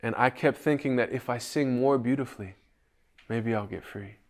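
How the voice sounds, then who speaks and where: A man voicing a caged talking parrot longing for freedom, in a quiet, confessional tone that softens at the ends of phrases. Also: mid-range voice, moderate pace, close to an everyday voice. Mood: wistful.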